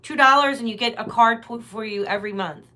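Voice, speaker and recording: Slightly high and a little fast, this woman's voice sounds pushed and bright as she hosts her live tarot stream. She chats casually and rambles, speaking straight to the people watching.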